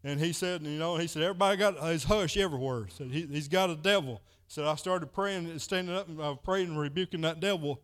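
A man's voice: fairly high pitch, brisk, hardly any pauses, fairly bright tone, clear, resonant tone. A man preaching a sermon, retelling a story and repeating "he said" as he goes.

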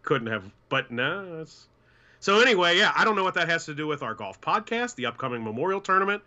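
Male podcast co-host, lively storyteller, bright tone, muffled lo-fi audio. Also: a little high, fairly quick. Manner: animated storyteller, acts out quoted voices. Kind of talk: casual sports podcast chat.

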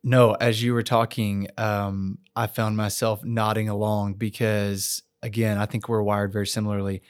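A man, a pastor co-hosting a church podcast, speaking in an earnest, reflective way with halting restarts. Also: on the low side, little pitch movement, smooth, no room sound, studio quality. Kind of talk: casual conversation.

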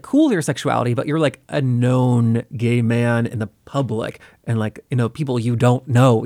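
A male podcast host asks questions and reacts with curious, quick comments. His voice sits at an ordinary pitch. The recording is dry and close, with no room echo. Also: a little mellow. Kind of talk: conversational interview.

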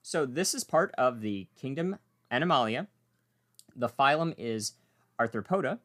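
A man's voice: medium pitch, unhurried. A man hosting a casual wildlife podcast, playful and joking as he talks. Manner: playful, joking, animated delivery. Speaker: podcast host.

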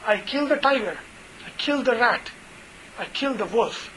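A man's voice: extremely high pitch, animated, normal speed, background noise. A man telling of a sly scheming fox. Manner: storytelling tone, conversational.

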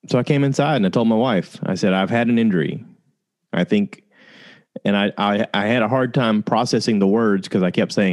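A man casually telling a personal story to his listeners, candid and conversational, with frequent pauses and fillers. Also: fairly low pitch.

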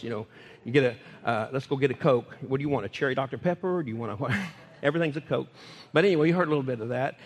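An older man preaching a sermon in a church, speaking in animated bursts and repeating key phrases for emphasis. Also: fairly high pitch, a little hiss or hum. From United States. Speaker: pastor. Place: church sanctuary. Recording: long church reverb.

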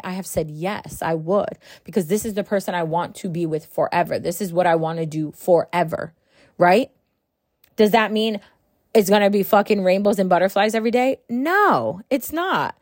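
A woman in her early thirties delivers a frank, profane monologue, punctuating her points with rhetorical questions. Her voice sits at an ordinary middle pitch and is recorded close and dry, with no room sound. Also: a little mellow, dry recording. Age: 30s. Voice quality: blunt, profane, emphatic. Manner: rhetorical, keeps asking "right?". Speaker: host. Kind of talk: casual monologue.

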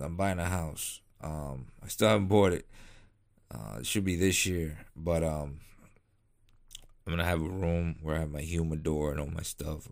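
Deep low guy rambling on about his cigar ritual, tired late night chat, swears a bit. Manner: rambling, laid-back, swears casually. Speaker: cigar vlogger. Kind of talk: casual chat.

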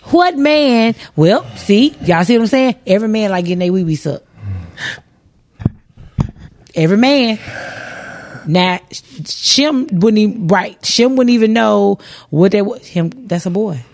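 Woman, podcast co-host, casual chat, blunt, emphatic, animated pitch. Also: a little slow, no echo. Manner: blunt, emphatic, repeats her point.

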